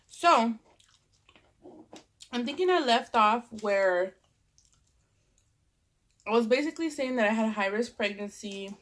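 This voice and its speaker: A young woman with a Californian accent, stuffed up from a cold, rambling casually while eating in a vlog. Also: medium pitch. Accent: Californian English. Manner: rambling, chatty, lots of "like" and fillers. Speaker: vlogger.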